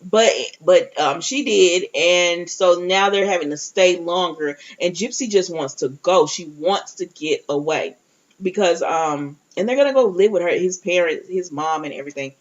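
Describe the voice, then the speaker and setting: A woman's voice: lowish voice, normal speed. A woman giving a casual recap and review of a TV episode, speaking directly to her viewers and often restarting her sentences. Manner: chatty, talks to viewers directly, many restarts. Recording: dull lo-fi audio.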